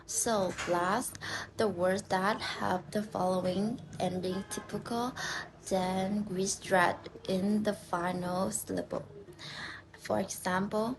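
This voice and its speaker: Young woman slowly repeating example words. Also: medium pitch, steady tone, a little hiss or hum, poor audio. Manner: saying each example word twice. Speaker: student presenter. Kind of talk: class presentation.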